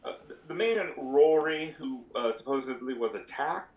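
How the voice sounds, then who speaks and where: A man speaking in character at a tabletop game, earnest and halting, with frequent ums. His voice is mid-pitched and comes through a dull, lo-fi feed. A roomy echo hangs around every word. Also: expressive. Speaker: tabletop player. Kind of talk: in-character role-play chat. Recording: roomy, dull lo-fi stream audio.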